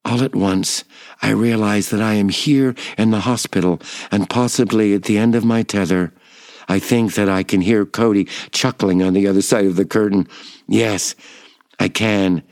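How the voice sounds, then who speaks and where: A man giving a measured, wry first-person reading of a personal memoir. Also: fairly low pitch, steady tone, a little mellow, no echo, clean studio sound.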